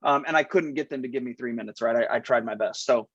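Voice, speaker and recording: An agreeable man chats through sales tips in a casual meeting, dropping plenty of "like" and "right?". His voice is mid-pitched. The sound is dry and close, with a dull, lo-fi quality. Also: quick pace, fairly bright tone, no room sound. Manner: agreeable, chatty, lots of "like" and "right?". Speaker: insurance agent. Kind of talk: casual training talk.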